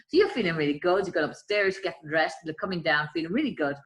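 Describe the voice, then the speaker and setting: A woman's voice: on the low side, animated, fast talker, low-quality recording. A woman explaining bullying tactics in an earnest conversational way. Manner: earnest, acts out quoted voices, trails off softly. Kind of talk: explanatory chat.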